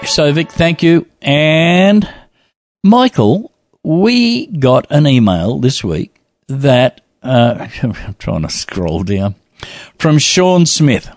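A man's voice: on the high side, very animated, extremely slow, dry recording, faint music behind. Chatty laughing male co-host. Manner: chatty, laughs often, playful asides. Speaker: podcast co-host reading a listener email. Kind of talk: casual chat.

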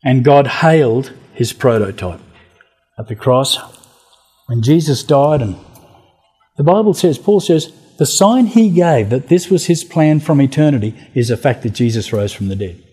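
A man preaching a sermon, telling Bible stories with lively acted-out voices and rhetorical questions. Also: mid-range voice, a little slow, husky. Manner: animated storytelling, acting out biblical voices.

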